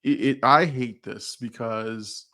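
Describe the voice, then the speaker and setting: A man in casual podcast chat with a middle-pitched voice. He tells workplace stories with energy, slips into acted-out quotes and trips over his restarts. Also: slow pace. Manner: animated storytelling with quoted dialogue; frequent restarts and fillers. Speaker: podcast co-host, HR professional.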